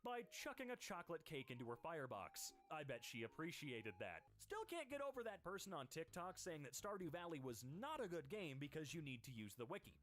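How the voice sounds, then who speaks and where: Lively high-voiced man reading posts. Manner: animated, quick voice switches between posters. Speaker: host. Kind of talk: comedic reading of internet posts.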